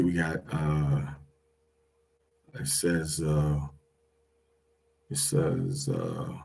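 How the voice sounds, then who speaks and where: A man with a low, husky voice gives a slow, unhurried lesson. He explains each sound patiently and repeats every pronunciation several times. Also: dark tone. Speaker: teacher.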